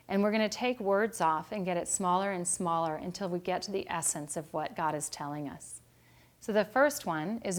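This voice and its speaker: A middle-aged woman gives a calm devotional Bible study lesson. Her voice sits on the low side, and her delivery is gentle and unhurried. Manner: calm and gentle, growing quieter toward a meditative close. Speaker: Bible study author and teacher. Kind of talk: reflective devotional talk.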